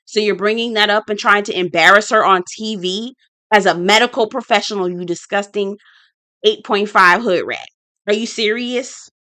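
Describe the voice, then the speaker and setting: A woman's voice: mid-range voice, moderate pace, sharp tone, no room sound. A woman giving casual, sassy commentary as a reality TV review vlogger, blunt and swearing freely.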